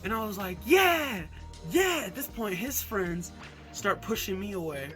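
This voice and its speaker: A young man from Alaska, casually telling a storytime, animated and swearing, acting out punches with sound effects. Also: high voice, normal speed, over music. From Alaska, USA. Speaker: vlogger.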